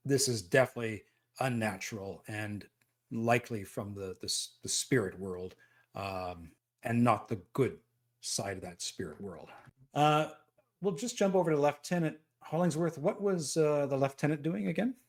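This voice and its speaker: A man's voice: mid-range voice, moderate pace. A man running a tabletop game as game master, talking hesitantly with many fillers.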